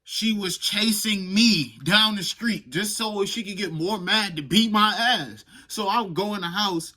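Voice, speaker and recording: A young man casually telling a profane, animated storytime vlog. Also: sits high, a little slow. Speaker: vlogger.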